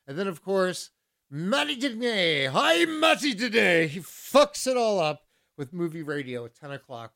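Male radio DJ, a bit higher-pitched, chatty between songs and then heated and indignant when he rants. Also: a bit bright. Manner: ranting, indignant, repetitive. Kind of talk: casual radio DJ talk.

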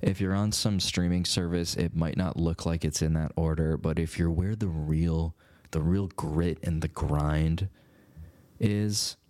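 A man's voice: sits low, fairly even intonation, unhurried, darkish tone. A man with a nasal voice hosting a radio show, rambling in a laid-back, chatty way as he wraps up the episode. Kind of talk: casual radio show outro.

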